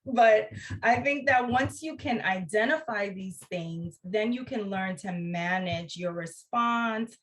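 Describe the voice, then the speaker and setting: A woman's voice: medium pitch, slow pace, fairly bright tone. A woman hosting a podcast, talking casually and chattily and laughing easily. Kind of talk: casual conversation.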